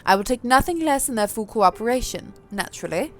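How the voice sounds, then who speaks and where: A woman's voice: fairly high pitch, animated, fairly quick, fairly bright tone, slight background noise. Lady doing a fancy posh vampire lady, thick old-timey accent, super formal. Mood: poised. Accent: put-on posh old-fashioned accent. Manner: refined, formal, poised. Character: elegant posh vampire noblewoman, composed.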